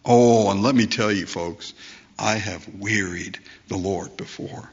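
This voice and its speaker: In this dull, lo-fi sermon recording, a pastor with a fairly low voice speaks a little slowly. He preaches in a conversational way, asking rhetorical questions and performing the voices of those he quotes.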